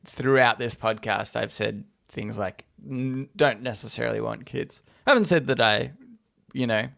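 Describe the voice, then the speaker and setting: A man's voice: mid-range voice, moderate pace, gravelly, a bit bright. A man in his twenties co-hosting a podcast, talking loosely with lots of fillers and laughing often. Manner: rambling, giggly, lots of fillers. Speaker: podcast co-host. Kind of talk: casual chat.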